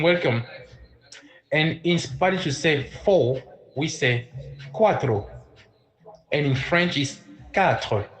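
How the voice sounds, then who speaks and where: A man's voice: fairly high pitch, poor audio. A man teaching French numbers live on a stream, patiently spelling words out letter by letter and calling on viewers by name. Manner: calls out viewers by name, coaxing. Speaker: online French tutor, livestream host. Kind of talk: casual livestream lesson.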